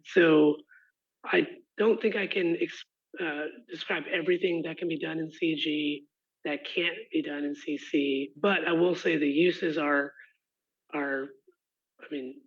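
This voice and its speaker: A man who has lost his voice, answering residents' questions at a meeting in a halting, apologetic way with many restarts. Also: on the high side. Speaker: rezoning applicant's representative. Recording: muffled lo-fi online call audio.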